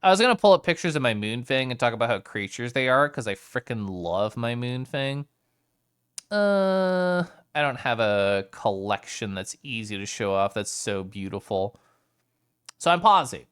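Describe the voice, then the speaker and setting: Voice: mid-range voice, sing-song, normal speed, fairly bright tone, smooth. A streamer chatting casually with live chat, playful, reading messages aloud and often rolling R's and making vocal sounds.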